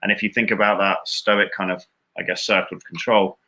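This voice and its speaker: A man's voice: fairly low pitch, little pitch movement, fairly quick, pushed and bright. A man co-hosting a live Q&A, casually reading out viewer questions and answering them. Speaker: dating coach co-host. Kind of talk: live Q&A chat.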